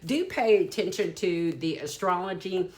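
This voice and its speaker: A woman's voice: fairly low pitch, lively intonation, normal speed. A woman in her fifties with a Southern US accent, giving a rambling, frank and sometimes profane channeled tarot reading. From Deep South, USA. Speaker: psychic tarot reader.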